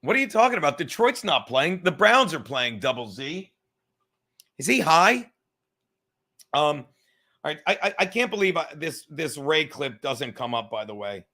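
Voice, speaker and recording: A man's voice: on the high side, sing-song, normal speed, sharp tone. A man hosting a livestream podcast in a casual, rambling, profane way, reading chat comments aloud as he goes. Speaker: podcast host.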